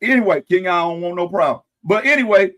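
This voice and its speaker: Animated man hosting a live stream. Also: sits high, fast. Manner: animated, folksy sayings, wry asides to viewers. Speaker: host. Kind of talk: casual commentary on a live stream.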